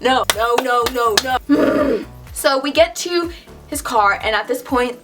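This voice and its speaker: A young woman tells a story straight to camera in a slightly high voice, scattering "like" through every sentence. She is animated and exasperated. Faint music plays in the background. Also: slow pace. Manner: chatty, filler-heavy with frequent "like". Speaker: vlogger. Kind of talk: casual storytime chat.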